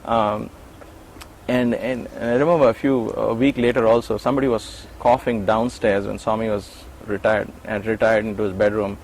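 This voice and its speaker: A man's voice: fairly low pitch, moderate pace, slight background noise, poor audio. A middle-aged man recounting memories in an interview, acting out quoted lines with restarts and repeated words. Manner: animated storyteller, acts out quoted lines. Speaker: interview guest, former attendant. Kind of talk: storytelling in an interview.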